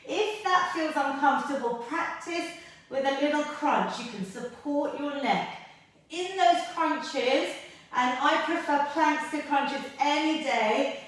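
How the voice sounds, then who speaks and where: Working out along with her class, a female instructor gives encouragement from the mat, short of breath. She speaks a little slowly in a high, fairly bright voice, picked up by a far-off mic in an echoing room.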